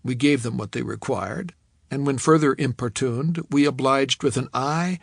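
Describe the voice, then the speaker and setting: A man reading a novel aloud in the first person, telling the story in a measured, reflective way. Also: mid-range voice, vocal fry, breathy edge, dry recording, clean studio sound. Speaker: audiobook narrator. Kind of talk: first-person audiobook narration.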